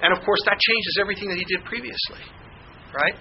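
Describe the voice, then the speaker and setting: A man's voice: high voice, quick pace, muffled recording, slight background noise. A man teaching a class, talking through a film scene and asking the students questions. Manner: animated, asks the class questions.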